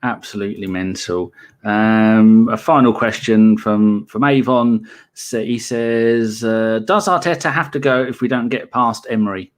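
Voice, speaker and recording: A man's voice: lowish voice, steady tone, unhurried. A man hosting a casual football podcast, reading out viewer questions with sweary, sardonic jokes.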